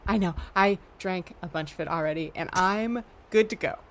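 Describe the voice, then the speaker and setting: A woman playing a tabletop game, describing her character's actions in a quick, upbeat way. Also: on the low side, a little hiss or hum. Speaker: player.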